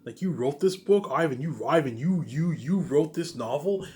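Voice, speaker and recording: A man imitating his wife as an excited, astonished woman who gushes and stammers in disbelief. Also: fairly high pitch, normal speed, pitched above the performer's own voice, close to an everyday voice. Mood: amazed.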